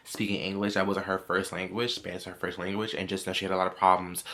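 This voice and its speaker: New guy doing storytime commentary, kinda low but bright and punchy, keeps repeating himself. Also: fast talker. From New York. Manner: chatty, repetitive, animated storytelling. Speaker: commentary vlogger.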